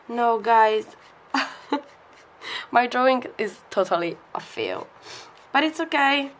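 A young woman with an Italian accent talks in a slightly high voice, unhurried and drawn out. She is an artist trying out supplies in a casual vlog, excitable and quick to gasp or giggle, with non-native phrasing. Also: a little hiss or hum. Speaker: artist reviewing art supplies.

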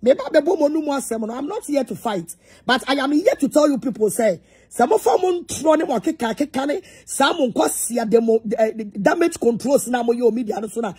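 A Ghanaian woman preacher speaks with a deeply raspy, mellow voice set a little high. She hammers home her points, repeating herself and calling people out. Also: animated, brisk. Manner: emphatic, repetitive, confrontational. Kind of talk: heated public address.

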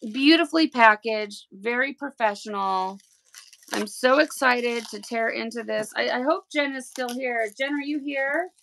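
Woman, livestream host, gushing, fairly high pitch, gravelly edge. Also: measured pace, slight background noise. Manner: gushing and excitable. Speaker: tie-dye livestream host. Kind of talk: casual livestream chat while unboxing.

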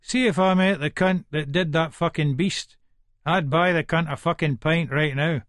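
A man's voice: fairly high pitch, moderate pace, fairly bright tone, dry recording, studio quality, lightly acted. An actor with an Edinburgh Scots accent voicing a blunt, swearing male pub regular in an audiobook.

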